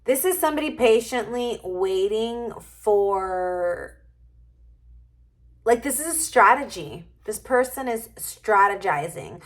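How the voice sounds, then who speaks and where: A woman reads tarot cards to her viewers in a casual, musing way, thinking aloud as she goes. Her voice sits at a middle pitch, and she talks at a slow, unhurried pace. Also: lively intonation. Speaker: tarot reader. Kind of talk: casual tarot reading to camera.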